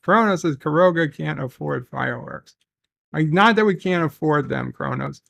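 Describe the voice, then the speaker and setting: A man with a gravelly voice hosts a casual livestream, telling rambling stories and reading out viewer messages with plenty of ums. His pitch is mid-range, and the sound is dry and close to the mic. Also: animated, normal speed, fairly bright tone, no room sound, highs cut off. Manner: rambling, reads chat messages aloud with filler ums. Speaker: livestream host.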